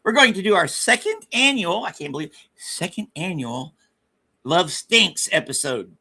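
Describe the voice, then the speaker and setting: A man's voice: high voice, expressive, a little slow, gravelly, pushed and bright, breathy edge. A man hosting a casual livestream, rambling and joking at his own expense with frequent stammered restarts. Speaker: livestream host.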